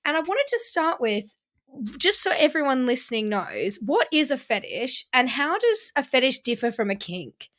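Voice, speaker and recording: A woman's voice: high voice, very animated, moderate pace, a bit bright. A woman hosting a podcast, giggly and reactive in casual interview chat. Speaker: podcast host.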